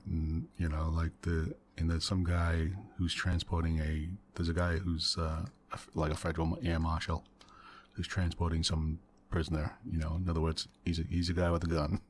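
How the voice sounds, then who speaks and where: A man hosting a soft-spoken ASMR gaming video, rambling through a story in a quiet, meandering way with little chuckles. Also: deep voice, slight background noise. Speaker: ASMR gaming channel host. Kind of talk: soft-spoken ASMR let's play chat.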